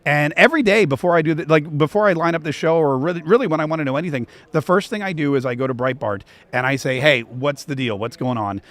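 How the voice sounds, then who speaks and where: A man hosting a political talk show from a convention media row, talking with animated energy. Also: on the high side, quick pace, hardly any pauses. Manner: animated, breaks into chanted rap rhymes.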